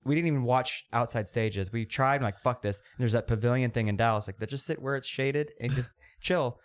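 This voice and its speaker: A male podcast co-host chats casually at a mid pitch. He jokes, curses freely and slips into acted-out quotes as he tells stories. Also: a little fast, no room sound, clean studio sound. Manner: joking, acts out quotes, profane. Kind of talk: casual chat.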